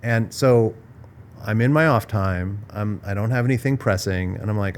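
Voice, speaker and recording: A man's voice: lowish voice, normal speed, slight background noise. A man hosting a podcast, talking through ideas in a thoughtful, searching way with frequent restarts and repeated phrases. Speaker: podcast host. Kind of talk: casual reflective conversation. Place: villa in Bali.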